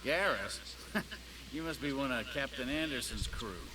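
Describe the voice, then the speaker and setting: A man's voice: medium pitch, lively intonation, normal speed, lightly acted. A man playing a sneering, gossiping ex-cop. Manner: sneering, mocking, conspiratorial. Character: sly, gossiping, bitter male former cop. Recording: loud noise on game audio.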